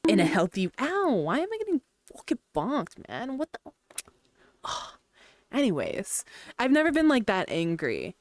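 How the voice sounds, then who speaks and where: Giggly young woman streamer, lively voice. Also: lowish voice, smooth, dry recording, clean studio sound. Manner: chatty, giggly, greets chat by name. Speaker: VRChat streamer. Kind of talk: casual stream chat.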